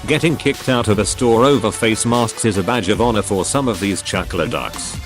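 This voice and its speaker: Low synthetic male reader voice. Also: moderate pace, over music. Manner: flat, misreads symbols and abbreviations aloud. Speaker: narrator reading online posts. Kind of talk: text-to-speech reading of forum posts.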